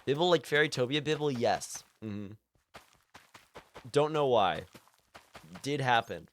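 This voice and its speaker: A man's voice: mid-range voice, lively intonation, measured pace, slight background noise. A young man chatting casually on a live stream, rambling and often laughing at himself. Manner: rambling, self-amused, breaks into laughter often. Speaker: livestreamer.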